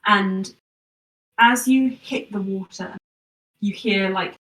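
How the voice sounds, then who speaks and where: A woman's voice: medium pitch, slow, fairly bright tone, far from the mic. A woman narrating a tabletop game as game master, describing scenes with lots of fillers. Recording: echoey room, voice from off-mic.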